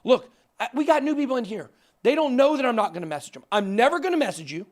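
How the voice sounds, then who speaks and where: A man hosting a crypto talk show, emphatic and excitable, ranting into the camera. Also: very high-pitched, fast. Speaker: crypto channel host. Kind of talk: fired-up casual talk on camera.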